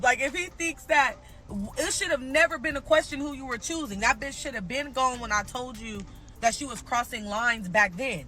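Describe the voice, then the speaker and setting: A woman recounts a personal drama in a loose storytime monologue, her voice bright and forceful. She talks bluntly and swears freely, and a faint bed of music plays underneath. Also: fairly low pitch. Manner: blunt, profane, animated retelling.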